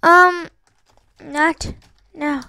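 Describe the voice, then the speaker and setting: A woman giving excitable live gameplay commentary, trash-talking opponents and giggling as she plays. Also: very high-pitched, extremely slow. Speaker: gaming channel host.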